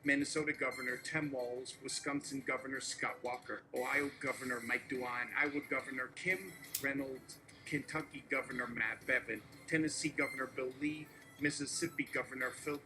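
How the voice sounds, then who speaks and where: Man reading a long deadpan list. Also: medium pitch, normal speed, over music, low-quality recording. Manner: steady listing delivery. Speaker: host reading a mock speech. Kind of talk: deadpan reading of a satirical speech.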